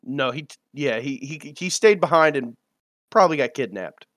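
A man's voice: medium pitch, expressive, moderate pace, a bit bright, no room sound. A man playing a tabletop game in a blunt, practical way, chatting with his group. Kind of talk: casual game-table chat.

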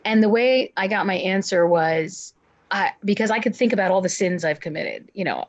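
A woman's voice: mid-range voice, expressive, normal speed, dull audio. A woman guest telling a personal story in an interview, earnest in tone and voicing relatives' words as she goes. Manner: earnest, acts out family members' words.

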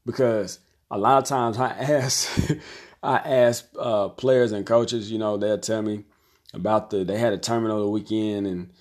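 A man's voice: lowish voice, fairly even intonation, normal speed. A man in his thirties, a basketball coach, talking casually to camera in a conversational, repetitive way and sometimes acting out other people's voices. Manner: conversational, repeats phrases, acts out quoted voices. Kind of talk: casual talk to camera, reviewing an article.

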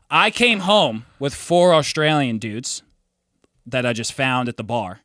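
A bright, forward-sounding young man in his twenties, talking loosely and swearing through a rowdy party story. The sound is dry and close, with no room around it. He laughs as he goes and talks like he is chatting with a friend. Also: mid-range voice, very animated, brisk, no echo. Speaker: podcast co-host. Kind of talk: casual chat.

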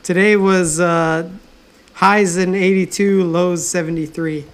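A man's voice: high-pitched, fairly even intonation, slow pace. A man co-hosting a casual podcast chat, laid-back and slangy, swearing easily. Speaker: podcast co-host.

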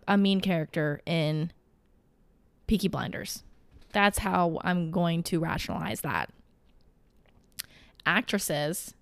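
A woman's voice: fairly low pitch, no echo. A young woman vlogging in a casual, gushing way, rambling with fillers and self-corrections. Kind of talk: casual chat to camera.

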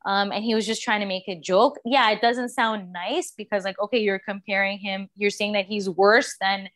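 A woman joining a podcast as a guest, giving her opinions in casual, animated chat. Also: medium pitch, moderate pace. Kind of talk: casual pop culture chat.

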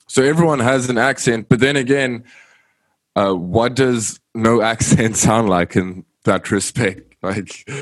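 Low-voiced man chatting. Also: no echo. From South Africa. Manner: loose, rambling, heavy on "like" fillers. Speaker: guest. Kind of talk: casual interview chat.

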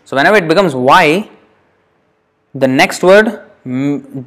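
His voice sits on the high side, expressive with a fairly bright tone, as this man teaches Sanskrit. He explains sandhi rules by patiently spelling words and repeating them at a slow pace.

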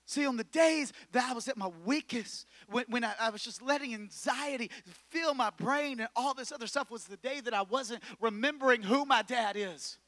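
A young man preaching a sermon in church, energetic and building to shouts. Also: very high-pitched, moderate pace, few pauses, no room sound. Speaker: pastor.

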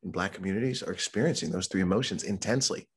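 A man's voice: low-pitched, rapid-fire, breathy edge. A man who works as a mental health speaker, talking candidly about his own life in a podcast interview. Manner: candid and conversational, acts out quoted voices. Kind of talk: podcast interview, personal story.

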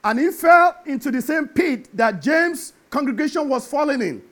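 Very high-voiced man preaching a sermon. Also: moderate pace. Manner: animated preaching, building to emphatic shouts.

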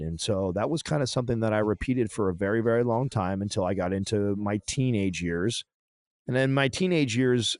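A man talking through a painful personal story in a halting, emotional way, often restarting his sentences. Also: lowish voice, darkish tone, dry recording. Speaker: podcast guest.

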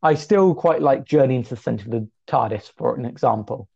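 A man of twenty co-hosting a casual podcast chat, talkative and self-deprecating, his pitch often jumping up. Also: brisk, vocal fry, breathy edge, dull audio. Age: 20s. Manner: chatty, self-deprecating, lively pitch jumps. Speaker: podcast co-host.

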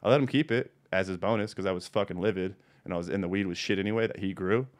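A podcast host spins his stories at a quick clip in a somewhat low voice. He is blunt and swears freely, and he tells them in a loose, animated way. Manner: profane, blunt, animated storyteller. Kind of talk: casual storytelling.

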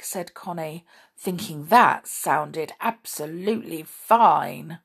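A woman reading a children's story aloud in a gentle, unhurried way. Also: on the low side, animated, slightly rough.

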